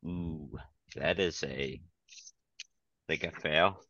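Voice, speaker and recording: A man's voice: a bass voice, very slow, pushed and bright, no echo, dull audio. A man playing a tabletop game, hesitant and asking about the rules. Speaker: player. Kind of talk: casual tabletop play.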